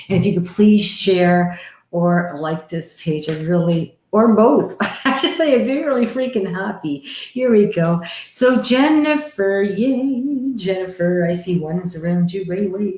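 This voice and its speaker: Chatty, animated woman from Canada. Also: on the low side, echoey room. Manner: chatty, animated, laughs often. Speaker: psychic medium host. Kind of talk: live-stream card reading.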